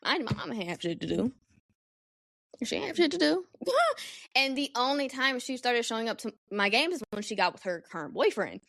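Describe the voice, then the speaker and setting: A young adult woman hosting a solo podcast, telling a personal story in a candid, animated, profane way. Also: on the high side, fairly quick, no room sound, studio quality. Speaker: podcast host.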